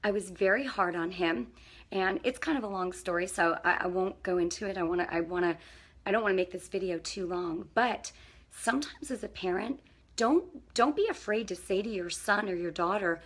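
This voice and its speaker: A woman's voice: medium pitch, normal speed, fairly bright tone. A middle-aged woman speaks straight to her viewers as a parenting coach, in an earnest, encouraging way. Her voice sits in an ordinary middle range, and she keeps checking that the listener is following. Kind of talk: casual faith-based advice talk to camera.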